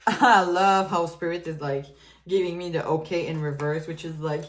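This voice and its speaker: Chatty woman, lowish voice. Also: fairly even intonation, measured pace, slight background noise. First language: French. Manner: chatty and giggly, loose filler-heavy talk. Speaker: tarot reader. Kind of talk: casual tarot reading.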